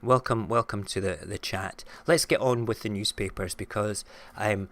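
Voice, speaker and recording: Scottish male stream host, lowish voice, casual, frank and ranty. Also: steady tone, normal speed, fairly bright tone. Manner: frank and ranty, swears freely. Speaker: host of a live-streamed morning show. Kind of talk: casual live-stream chat and rant.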